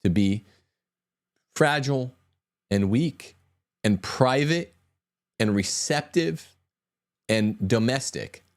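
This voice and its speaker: A man's voice: medium pitch, animated, slow pace, pauses often. A man hosting a podcast, talking in an emphatic, combative way with sweeping asides. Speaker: podcast host. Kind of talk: opinionated podcast talk.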